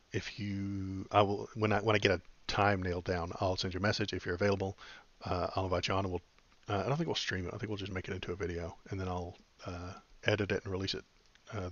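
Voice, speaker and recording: A man's voice: sits low, a bit bright, highs cut off. A man hosting a podcast in casual chat, rambling and wry with lots of fillers. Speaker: podcast host.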